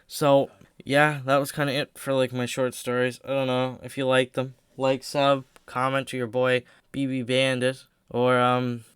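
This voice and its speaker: A man's voice: mid-range voice, fairly bright tone, clear, resonant tone, no room sound. A teenage boy telling a rambling, joking, profane story in a casual vlog. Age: teens.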